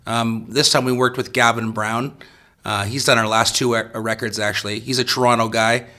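Playful rambling man, bright tone. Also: medium pitch, fairly even intonation, moderate pace. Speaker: band member, guest. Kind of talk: casual interview chat.

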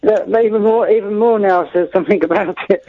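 A man's voice: high-pitched, fairly quick. A man from Maidstone calling in to a radio show, chatting in a rambling, hesitant way with little giggles. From Maidstone, England. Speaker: caller. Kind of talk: phone-in chat. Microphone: phone. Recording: dull phone line.

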